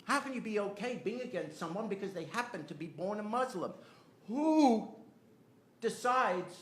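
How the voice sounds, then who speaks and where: An older American man with a high, lively, slightly bright voice speaks at a moderate pace as a podcast host. He tells a personal family story earnestly, growing impassioned as he argues his point.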